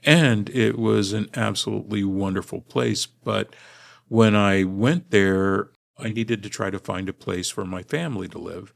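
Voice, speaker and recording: Gravelly low-voiced man telling a story. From Los Angeles, USA. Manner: measured, articulate academic delivery. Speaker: guest linguistics professor. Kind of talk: podcast interview storytelling.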